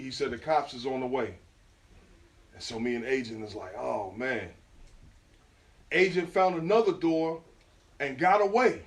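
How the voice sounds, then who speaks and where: A man from New York with a New York accent, telling stories in slang to an audience at an artist talk. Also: fairly high pitch. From New York, USA. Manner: street slang, animated storytelling with quoted dialogue. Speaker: guest speaker at an artist talk. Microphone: phone recording from the audience. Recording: distant phone recording.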